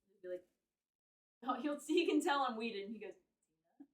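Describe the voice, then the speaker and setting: A woman's voice: on the high side, animated, brisk, recorded from a distance. A young woman chatting casually with her live-stream viewers. She swears freely and laughs often. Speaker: livestreamer. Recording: echoey room, voice off-mic.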